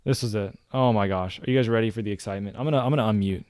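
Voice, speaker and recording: A man casually commenting on his own game footage for viewers, chatty and excitable, often talking straight to the audience. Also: lowish voice, rapid-fire, smooth, no room sound, studio quality. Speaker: gaming streamer reviewing his own clips.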